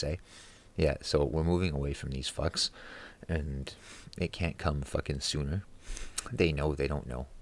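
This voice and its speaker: A man vlogging from his room at home in a casual, angry, profanity-laden rant. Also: rumbling low. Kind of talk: casual ranting monologue.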